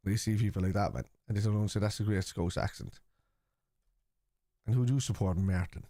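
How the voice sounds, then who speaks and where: A man's voice: lowish voice, brisk, dark tone, dry recording, clean studio sound. A man, hosting a live football watchalong and answering viewers bluntly, with plenty of swearing. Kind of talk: live stream chat reacting to viewers.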